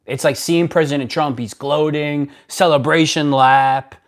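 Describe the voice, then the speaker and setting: A man's voice: a little high, steady tone, measured pace. A man hosting a casual live stream, answering viewer comments in a blunt, rambling way, often restarting his sentences. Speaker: livestream host.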